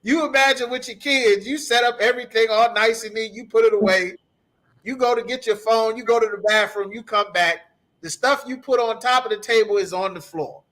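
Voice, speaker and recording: Man, high-pitched, piercing tone, heated scripture breakdown, emphatic, swears a lot. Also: bright, forceful tone. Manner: emphatic, profane, repetitive. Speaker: scripture class teacher.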